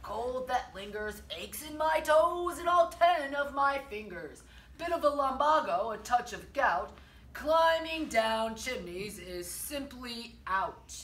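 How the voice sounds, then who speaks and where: A woman voicing a weary, grumbling old Santa Claus who complains loudly, read from a children's storybook. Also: fairly high pitch. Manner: loud, complaining, declaiming. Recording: roomy, from a distance.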